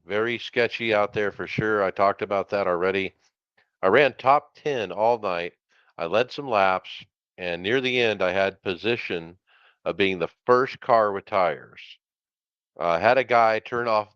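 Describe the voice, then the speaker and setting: A man's voice: fairly low pitch, expressive, unhurried, fairly bright tone, clear, resonant tone, no room sound, dull audio. A man hosting a casual podcast, running through race results and calling on his co-hosts. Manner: runs the segment, calls on co-hosts. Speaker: podcast host. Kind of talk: casual chat.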